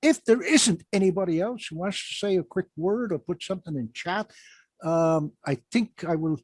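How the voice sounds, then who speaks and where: A man hosting a casual chat, rambling and halting with many fillers. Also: high voice, lively intonation, slightly rough, no echo. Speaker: host.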